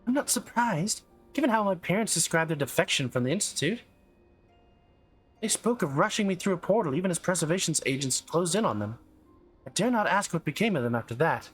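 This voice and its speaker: A man reading a game's dialogue aloud, voicing an earnest young woman investigator in a measured way. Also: high-pitched, lively intonation, slightly rough, voice pushed up. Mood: grave. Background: faint game music.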